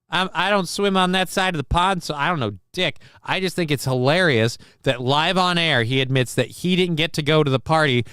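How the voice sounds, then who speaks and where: Man, show host, crude rambling commentary, crisp voice, mid pitch. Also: a bit bright, no room sound, studio quality. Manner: crude, rambling, lots of fillers and swearing. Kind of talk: casual commentary reacting to clips.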